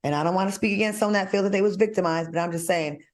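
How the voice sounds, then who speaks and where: A woman's voice: mid-range voice, very fast. A woman hosting a talk show, bantering in a sassy, blunt and playful way with her co-hosts.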